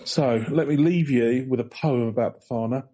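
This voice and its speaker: A man's voice: medium pitch, normal speed, warm tone, breathy edge. A man co-hosting a casual podcast, reading notes aloud in a rambling way with dry jokes. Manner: rambling with fillers, dry joking. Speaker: podcast co-host.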